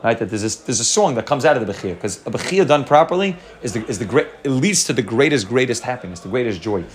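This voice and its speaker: A man leads a Torah class at a quick clip, his voice sitting at an ordinary middle pitch. He explains in long running chains of thought, restarting phrases and weaving Hebrew terms into his English. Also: animated. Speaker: Torah teacher.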